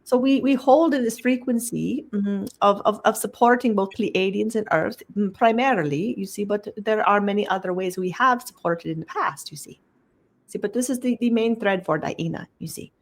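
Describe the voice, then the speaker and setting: A woman delivers a channeled spiritual talk in a mid-range voice, speaking as a collective. She hesitates and repeats words while feeling for the next one, and drops the same tag question after nearly every phrase. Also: medium pitch. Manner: halting, repeats words as she searches for them.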